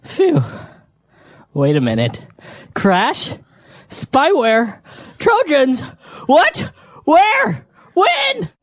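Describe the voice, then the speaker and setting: A woman's voice: wildly swooping pitch, very slow, long pauses, full character voice. A woman voicing a panicked, confused man calling tech support, stammering out frantic lines in a scripted learner dialogue. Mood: alarmed. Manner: frantic, stammering, squeaky outbursts. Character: panicked confused male computer caller.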